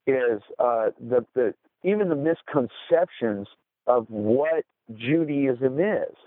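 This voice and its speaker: A male radio host who speaks hesitantly and often restarts his sentences. His voice is mid-pitched and dry. The sound is narrow and phone-like. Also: dry recording. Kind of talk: casual radio conversation. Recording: tinny phone line.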